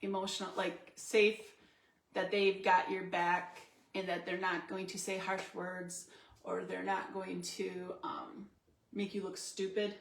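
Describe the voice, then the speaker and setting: A woman's voice: lowish voice, level tone, a little slow, creaky. A woman co-hosting a casual talk show, chatting and laughing often as she tells stories. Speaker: co-host. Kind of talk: casual chat. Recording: echoey room.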